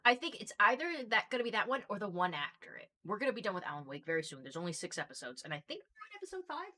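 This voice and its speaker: A woman hosting a casual stream, chatting quickly and reading out viewer messages. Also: mid-range voice, sing-song, sharp tone. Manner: quick, bubbly, reads chat messages aloud. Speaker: streamer and host. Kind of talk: casual chat while reading live chat.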